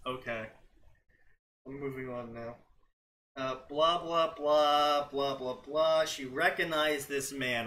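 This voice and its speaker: A man's voice: mid-range voice, fairly even intonation, slow, pushed and bright, a little hiss or hum, low-quality recording. A man hosting a comedy show, reading fanfiction aloud with exasperated, sarcastic commentary. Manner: exasperated, sarcastic, often laughing.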